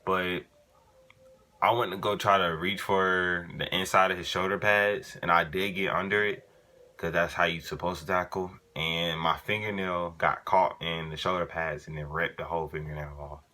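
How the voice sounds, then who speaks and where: A man's voice: low-pitched, steady tone, normal speed, pushed and bright. A young man vlogger telling a casual story in slangy, profane, laid-back talk.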